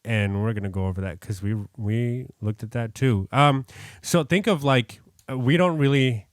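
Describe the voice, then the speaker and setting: A co-host from New York discusses a Bible passage on a podcast in a relaxed study chat, his mid-range voice at a moderate pace. He rambles earnestly, often restarting and self-correcting. There's no room sound, and the audio is studio quality.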